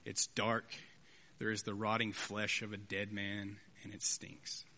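A man's voice: fairly low pitch, monotone, measured pace, sharp tone. A man in his thirties preaching a sermon, earnest and conversational with rhetorical asides. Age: 30s. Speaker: pastor. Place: church sanctuary. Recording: long hall reverb.

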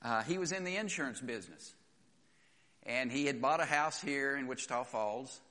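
Male preacher, chatty sermon delivery with plenty of "uh"s, mid-pitched, church hall reverb. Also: normal speed, bright, forceful tone. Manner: conversational storytelling with frequent fillers.

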